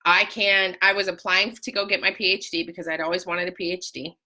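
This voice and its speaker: A woman talking casually to viewers in a live video, telling an emotional personal story with animated, sudden high outbursts and greeting viewers by name. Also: brisk. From Utah. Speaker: life coach sharing a personal story.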